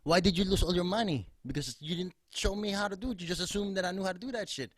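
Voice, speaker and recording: A man's voice: high voice, quick pace, voice pushed up, lightly acted. A man voicing his exasperated Filipino father scolding his son, in an indignant, demanding way.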